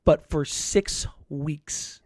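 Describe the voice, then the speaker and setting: A man's voice: a little high, darkish tone, a little hiss or hum. Rambling, chatty male podcast host. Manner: rambling storyteller, quick to laugh. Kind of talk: casual sports podcast chat.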